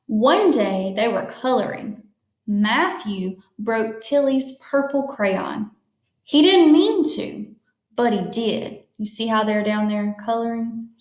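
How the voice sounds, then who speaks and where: A woman reads a children's picture book aloud at a slow, patient pace. She stops to explain new words and points things out in the pictures. Her voice sits fairly high, and the room is echoey. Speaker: storytime reader.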